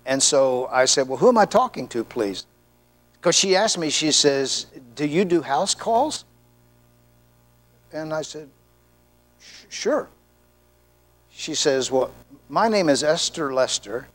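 A man's voice: on the high side, measured pace. A middle-aged male pastor preaching a sermon, telling stories and acting out the voices of the people in them. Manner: animated storyteller, acts out voices in anecdotes. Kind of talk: sermon with storytelling.

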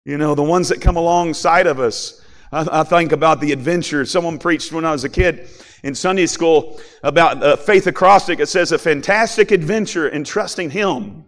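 A middle-aged man preaching a sermon, telling stories with big swings from shouting to quiet. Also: a little high, moderate pace. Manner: animated storytelling, swings from shouting to soft.

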